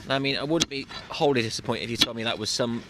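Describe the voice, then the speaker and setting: A man's voice: mid-range voice, fast, a bit bright. A male radio presenter with a handheld mic, joking and asking questions during a casual outdoor chat. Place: outdoors in a farm field. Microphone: handheld microphone. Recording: outdoor noise, mic handling clicks.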